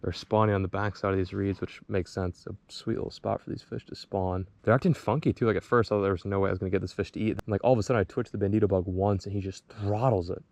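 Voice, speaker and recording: A man vlogging while fishing from a boat on a lake, rambling casually and breaking into excited exclamations. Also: sits low, quick pace, hardly any pauses. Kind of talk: casual vlog narration.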